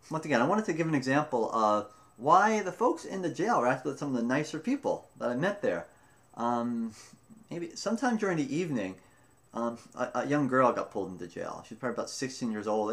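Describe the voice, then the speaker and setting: A young man casually telling a story about himself, rambling and often breaking off mid-sentence, with animated retelling. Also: mid-range voice. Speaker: vlogger telling a personal story. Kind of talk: casual first-person storytelling.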